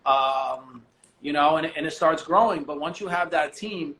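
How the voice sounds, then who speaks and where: High bright-voiced dude, blunt, cusses casually, echoey room. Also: male voice, measured pace, a little hiss or hum. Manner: blunt, animated, swears casually. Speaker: guest, business owner. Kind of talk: casual podcast chat.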